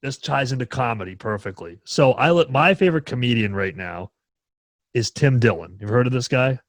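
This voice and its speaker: A man's voice: mid-range voice, a little fast, no room sound. A man from New Hampshire hosting a podcast, chatting casually and ranting with plenty of swearing. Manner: profane, animated ranting. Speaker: podcast host.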